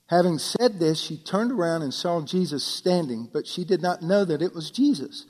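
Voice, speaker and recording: A man preaching a sermon, talking casually with the congregation, asking them rhetorical questions and dropping to a hush on key points. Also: fairly high pitch, expressive, normal speed. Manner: preaching with sudden drops to near-whisper for emphasis; conversational, asks the listeners rhetorical questions. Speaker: pastor. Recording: long hall reverb.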